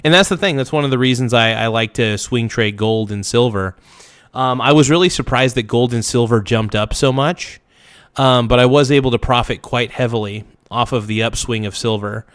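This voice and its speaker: A man's voice: medium pitch, moderate pace, a bit bright, smooth, no room sound, studio quality. A man hosting his own livestream, casually reading viewer comments and chatting about trading, calling people dude. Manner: laid-back, calls people dude and man, reads out chat. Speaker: streamer host reacting to a livestream.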